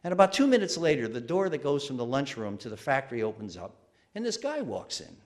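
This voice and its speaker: Animated wry male storyteller. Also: medium pitch, fast talker. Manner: wry, animated, self-deprecating. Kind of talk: live personal storytelling. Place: museum stage.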